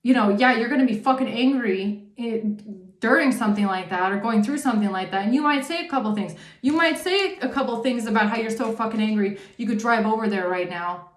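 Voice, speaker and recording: A woman's voice: a little high, fairly quick, roomy sound. A woman giving a casual tarot reading, talking emphatically, swearing often and checking in with the listener. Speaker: tarot reader.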